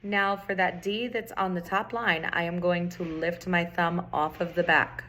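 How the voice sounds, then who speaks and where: A woman's voice: fairly low pitch, fairly even intonation, measured pace, bright, forceful tone, a little hiss or hum. A middle-aged woman teaching a recorder lesson, patiently repeating key points and chanting rhythms aloud. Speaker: music teacher. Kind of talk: recorder tutorial.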